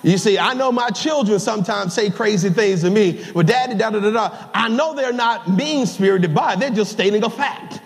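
An older man preaching a sermon as pastor, folksy and storytelling, rising to shouts at the high points. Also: normal speed, hardly any pauses. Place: large church sanctuary. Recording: live church sound with long hall reverb.

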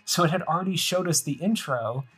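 Woman podcast host, low husky voice, casual, talks through the whole game on screen. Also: fairly quick, a bit bright, soft background music. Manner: chatty, narrates everything on screen. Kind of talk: casual chat while playing a video game.

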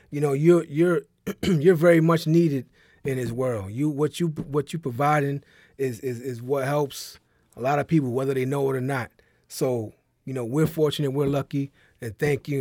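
Male podcast host, casual, excitable, mid-range voice, dry mic. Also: medium pitch, dry recording. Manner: excitable, loud laughing outbursts. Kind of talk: casual interview chat.

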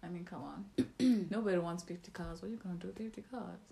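A woman's voice: lowish voice, fast, creaky, mellow. A young woman co-hosting a casual chat podcast, teasing and laughing as she talks, recorded on a phone. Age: young adult. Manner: teasing, laughs between lines. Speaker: podcast co-host.

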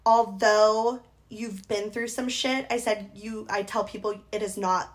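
A woman's voice: medium pitch, steady tone, a little slow. A young woman co-hosting a podcast, talking frankly and teasingly, swearing casually. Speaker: podcast co-host. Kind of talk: casual chat.

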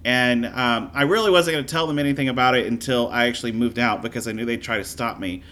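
A man from Louisiana who tells stories in a chatty, animated way during a casual interview. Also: medium pitch, fast, slight background noise.

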